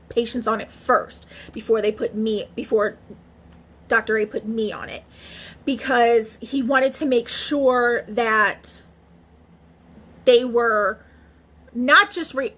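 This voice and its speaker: A woman's voice: on the high side, a bit bright, husky. A woman vlogger talking casually to camera in a chatty, emotional way, with many fillers and restarts. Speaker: beauty vlogger.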